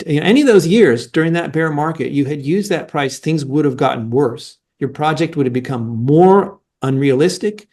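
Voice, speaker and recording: A man's voice: fairly high pitch, darkish tone. A middle-aged man giving explanatory interview answers as a mining analyst, emphatic and argumentative, with frequent restarts.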